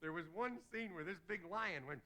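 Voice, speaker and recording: A man delivering a stand-up comedy monologue as host, telling rapid jokes and slipping into quick character voices. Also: sits high, lively intonation, sharp tone. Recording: hissy old 1960s television broadcast.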